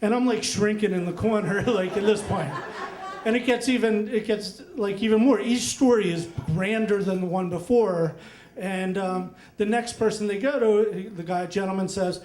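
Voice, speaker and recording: A middle-aged man with a fairly high voice tells a personal story on stage, animated and chatty, breaking into laughter between asides. The sound is roomy, with the echo of a live event space. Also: normal speed.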